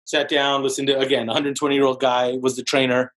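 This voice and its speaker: A man in his forties, a podcast guest, telling his story in an animated, casual way with many fillers like "like". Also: a little fast, rough recording. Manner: animated storyteller, heavy use of "like", jumps into higher voices for quotes. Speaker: podcast guest, real estate broker.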